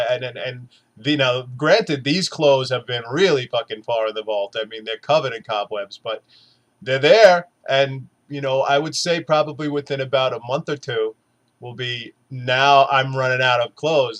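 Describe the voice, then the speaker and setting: With a mid-range, fairly bright voice, a man who vlogs about weight loss speaks three months after his surgery. His casual pep talk is earnest and blunt, peppered with swearing, encouraging viewers not to be hard on themselves.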